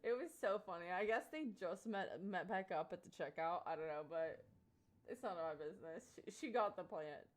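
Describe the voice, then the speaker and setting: A woman's voice: on the low side, moderate pace. A young woman streamer telling a story casually to her chat, full of fillers and frequent laughter. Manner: animated, laughs often, many fillers like "like" and "um". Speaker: live streamer.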